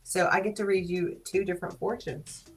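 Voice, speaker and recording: A woman with a Southern US accent hosting a casual live stream, playful and teasing, quick to laugh. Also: on the low side, fairly even intonation, husky, soft background music, low-quality recording. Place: small studio.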